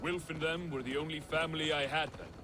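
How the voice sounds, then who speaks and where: An actor playing a weary young man trying to leave his gang behind, speaking in an earnest, uneasy, halting way. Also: on the high side, steady tone, noisy background, natural voice. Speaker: video game character.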